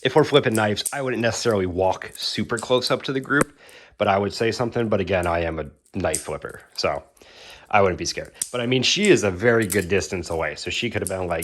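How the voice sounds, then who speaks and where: A man's voice: fairly low pitch, animated, brisk, fairly bright tone. A young man casually telling a storytime about his hobby, acting out the quotes with laughs. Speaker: knife-flipping YouTuber.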